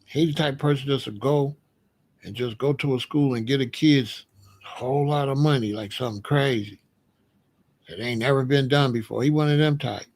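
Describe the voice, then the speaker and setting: A man's voice: medium pitch, moderate pace, a little mellow. A man giving a blunt, streetwise commentary monologue, repeating his points. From Chicago. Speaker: commentary host.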